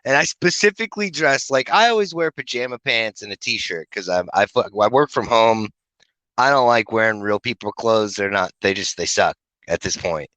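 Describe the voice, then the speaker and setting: A middle-aged man spins crude, rambling stories for a podcast, swearing freely and acting out the people he quotes. His voice has a bright, forceful edge. The sound is dry and close, with almost no room. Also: lowish voice, normal speed, dry recording, poor audio. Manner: profane, rambling anecdotes with animated quoted voices. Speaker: podcast co-host. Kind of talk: crude casual storytelling.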